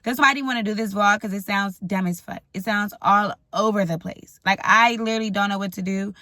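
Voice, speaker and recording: Young woman vlogger, blunt and frank, storytime vent, dry close sound, medium pitch. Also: fairly even intonation, a little fast, bright, forceful tone, dry recording. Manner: blunt and profane, frank venting. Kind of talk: storytime vlog. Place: indoors at home, ring light.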